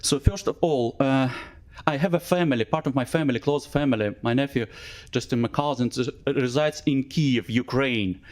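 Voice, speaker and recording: Emotional man making a halting appeal. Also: medium pitch. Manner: emotional, halting, with many fillers; non-native English phrasing. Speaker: appellant at a council hearing. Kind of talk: public presentation. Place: council chamber.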